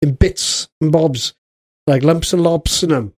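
A man co-hosting a casual podcast, rambling and joking in a deadpan way. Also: a little high, a little slow, husky. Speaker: podcast co-host. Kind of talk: casual chat.

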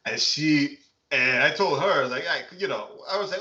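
A man who is a pastor chatting casually on a podcast, animated, laughing often and acting out quotes. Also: on the high side, normal speed. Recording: echoey room, dull lo-fi sound.

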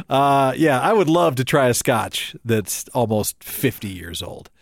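A male podcast co-host with an animated, swooping voice, chatting casually and laughing often. He trails off into fillers now and then. The sound is dry and close, with no room echo. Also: mid-range voice, slow, vocal fry. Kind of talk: casual chat.

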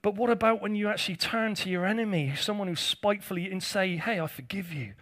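A man's voice: high-pitched, quick pace, a bit bright. A male pastor preaching a conversational sermon, with jokey asides to his congregation.

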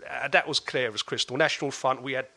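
A man, a podcast guest telling a story in casual chat, animated and laughing often. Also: medium pitch, quick pace, creaky. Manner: animated, acts out quoted voices, laughs often.

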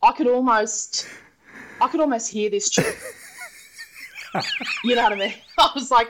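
Australian woman, middle-aged, lively storyteller, does little voices, laughs a lot, casual podcast chat. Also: on the high side, unhurried, long pauses, a little hiss or hum, low-quality recording. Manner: animated storyteller, acts out voices, laughs often. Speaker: podcast co-host. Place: holiday abode abroad.

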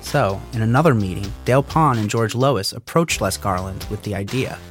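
A man narrating a documentary podcast as its host, with a clear, steady delivery. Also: lowish voice, moderate pace, soft background music. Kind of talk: scripted narration.

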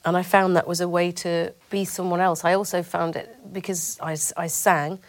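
A middle-aged woman with a northern English accent and a fairly low voice. She answers an interviewer candidly, pausing and restarting as she works through her thoughts. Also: flat delivery. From Rochdale, northern England. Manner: thoughtful, with frequent restarts and hesitations. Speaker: actress, interview guest.

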